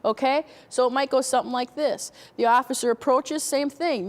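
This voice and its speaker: A woman leads a training session, walking through her points step by step and putting questions to the audience. Her voice sits high for a woman. The long reverb of a hall hangs behind her. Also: fairly quick, few pauses. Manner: explains step by step, asks the room questions. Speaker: workshop presenter. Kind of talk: training talk.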